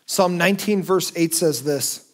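A man's voice: fairly high pitch, a little slow. A male pastor preaching a sermon in a conversational, emphatic way.

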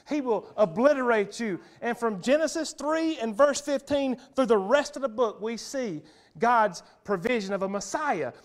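A man preaching a sermon as pastor in a church, emphatic and punchy, repeating key phrases and swinging between loud and soft. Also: extremely high pitch, animated, normal speed. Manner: emphatic, punchy repetition, wide swings in loudness. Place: church sanctuary.

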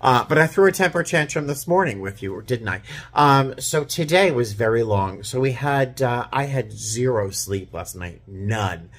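A tired man from Boston, a flight attendant, chatting casually about his workday with lots of fillers and animated storytelling. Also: medium pitch, moderate pace. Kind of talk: casual vlog chat.

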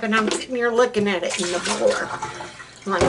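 A woman's voice: a little high, expressive, brisk, noisy background. A middle-aged woman, chatting casually and telling teasing, laughing stories as a co-host. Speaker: channel co-host. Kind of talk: casual chat.

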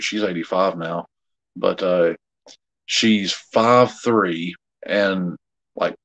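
A man's voice: low voice, rough recording. A middle-aged man, chatting casually with viewers as co-host of a live jewelry sale, rambling and easygoing with many fillers.

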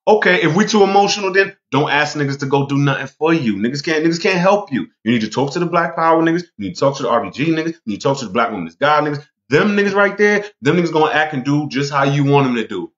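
A man's voice: a little high, animated, fast talker, hardly any pauses, muffled recording. A man delivering a heated, profane monologue rant, emphatic and repeating himself to drive points home. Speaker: vlogger.

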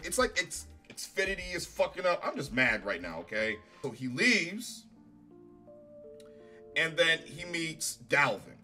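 A man's voice: mid-range voice, sharp tone. A man giving a casual, profane, sarcastic review of a TV show from his home recording setup.

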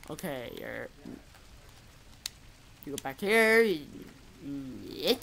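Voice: medium pitch, expressive, measured pace, a bit bright. A let's play gamer giving goofy, casual commentary, humming tunelessly and talking to the game characters. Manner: goofy, hums tunelessly to themself.

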